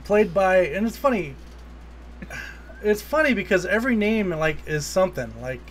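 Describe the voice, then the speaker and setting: A man's voice: sits high, animated, moderate pace, a little hiss or hum. A man co-hosting a casual movie podcast, rambling through scenes, swearing freely and laughing as he retells them. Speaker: podcast co-host. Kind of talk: casual movie review chat.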